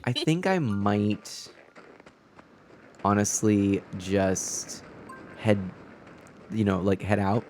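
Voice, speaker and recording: A man's voice: on the low side, lively intonation, very slow, pauses often, a little mellow, a little hiss or hum. A man streaming a game from a room at home, chatting casually and stumbling over his words on a desk mic. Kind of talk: casual chat while playing a game. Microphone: new desk mic setup.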